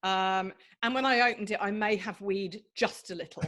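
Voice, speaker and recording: A woman's voice: medium pitch, steady tone, moderate pace, fairly bright tone. A middle-aged woman with an English accent, a guest on a podcast, chatting in a bubbly, self-mocking way. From England. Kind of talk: casual chat.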